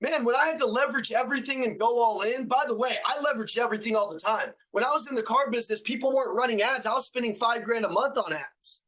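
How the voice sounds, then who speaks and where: A man giving a motivational speech on sales in an emphatic, repetitive, slangy style that builds to loud shouts. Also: very high voice, fast talker, few pauses, poor audio. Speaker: sales trainer and motivational speaker.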